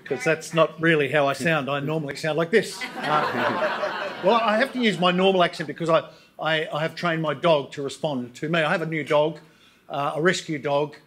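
A man doing a stand-up comedy routine on stage, telling wry, deadpan stories with asides. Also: on the high side, normal speed, slight background noise. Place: on stage before a live audience.

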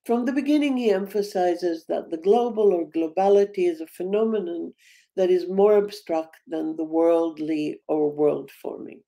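A woman delivers a dense academic talk over a video call. Her voice sits low, with a gravelly, mellow grain. She thinks aloud as she goes, hesitating and restarting her sentences. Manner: thoughtful, halting, with many ums and restarts. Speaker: panel speaker.

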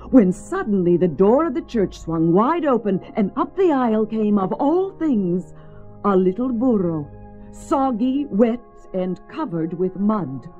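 Woman storyteller, mellow warm voice, expressive reading, muffled lo-fi, faint music. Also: mid-range voice. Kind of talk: storybook read-aloud.

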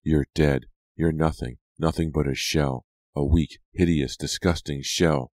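A man's voice: very deep voice, normal speed, no echo, clean studio sound. Man doing a vengeful scarred girl. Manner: shouting, demanding. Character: scarred dead teenage girl, vengeful and furious.

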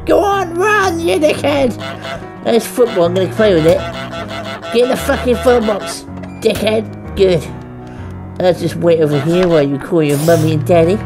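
With music playing behind her, a woman speaks at a moderate pace in a lowish voice, narrating a let's play as if she were the goose. She taunts the characters and swears freely in first person.

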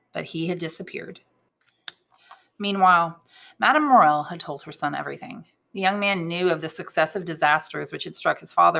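A woman, an English teacher, reading a novel aloud with expressive delivery, lifting her voice for the characters' lines. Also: creaky. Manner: expressive reading, raises pitch for quoted characters.

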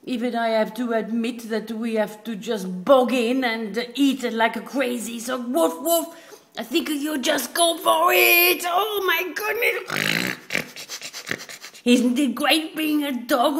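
A woman's voice: a little high, gravelly, fairly bright tone, full character voice. A woman voicing a stuffed toy dog who is prim and indignant about table manners, narrating in a chatty way. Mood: giddy. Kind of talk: comic puppet narration.

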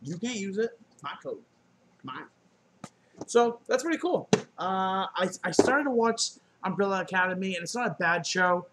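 A man's voice: high voice, expressive, moderate pace, heavy background noise. A man chatting casually while unboxing on camera, loose and joking with goofy profane asides, recorded on a laptop indoors. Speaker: unboxing vlogger.

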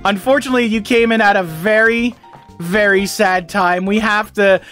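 A man streaming a game with a friend, reacting loudly with swearing and mock-mournful farewells. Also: high voice, steady tone, normal speed, soft background music. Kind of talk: casual game commentary with a friend.

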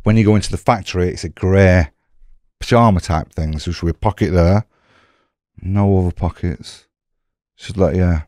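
Casual: guy with a low dark voice, rambly and sweary, dry close mic. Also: normal speed, no echo. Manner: rambling, swears freely, restarts. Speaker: guest, former prisoner. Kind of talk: casual storytelling.

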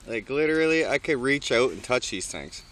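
Excited swearing man talking to birds. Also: mid-range voice, moderate pace. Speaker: vlogger filming birds. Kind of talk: casual vlog narration. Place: outdoors by water with birds.

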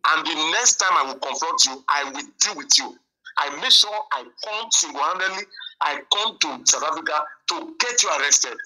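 A man's voice: on the high side, lively intonation, moderate pace, pushed and bright, low-quality recording. A man calling in, angry and accusing, repeating himself as he argues. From Nigeria. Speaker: caller.

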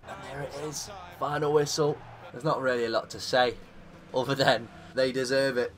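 A young man commenting live on his own football video game career, dry one moment and yelling at big chances the next. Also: medium pitch, normal speed. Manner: excitable, shouting at big moments, dry asides. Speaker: gaming YouTuber.

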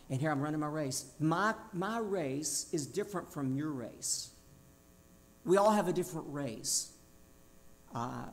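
A man in his sixties from Tennessee with a Southern accent, preaching a sermon in a folksy, emphatic way with self-deprecating humor. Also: on the high side. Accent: Southern American. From Tennessee, USA. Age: 60s.

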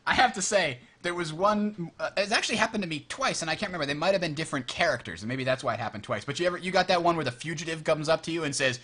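A man co-hosting a casual gaming podcast, telling animated stories and acting out the lines he quotes. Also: on the high side, very fast, hardly any pauses. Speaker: podcast co-host.

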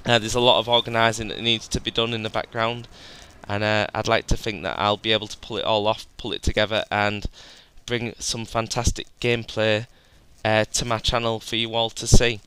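Male gaming host, bright and very clean-sounding, casual and chatty. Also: on the low side, flat delivery, a little fast, few pauses, smooth. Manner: chatty, rambling, says "guys" often. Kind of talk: gameplay voice-over commentary.

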